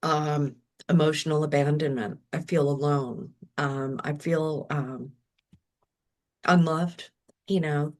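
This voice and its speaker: A middle-aged woman speaks as a guest in a relaxed conversation. Her voice sits on the lower side, and she talks reflectively, slipping into little quoted bits of her own inner voice. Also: takes it slowly. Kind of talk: casual interview talk.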